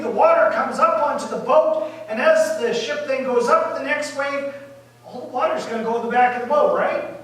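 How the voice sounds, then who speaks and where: A male pastor telling a story in a sermon, lively and animated, acting out the disciples' panic and dropping to quiet asides. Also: extremely high pitch. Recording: echoey room from far off.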